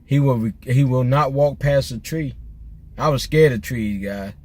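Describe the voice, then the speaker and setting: Medium in pitch, darkish in tone, and a little slow, this middle-aged man jokes his way through casual stories as he drives his car. Slang and restarts run throughout, with slight background noise.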